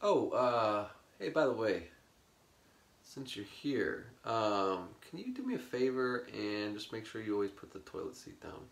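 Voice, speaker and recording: A man's voice: lowish voice, big pitch swings, a little slow, creaky, roomy sound. A man playing every member of a one-man band in a comedy sketch, bickering with himself. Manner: switching between bandmate characters, bickering.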